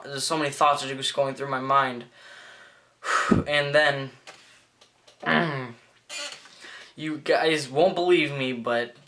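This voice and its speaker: A teenage boy vlogger telling a story in a rambling, excitable way, full of fillers and restarts. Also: medium pitch. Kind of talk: casual storytelling vlog.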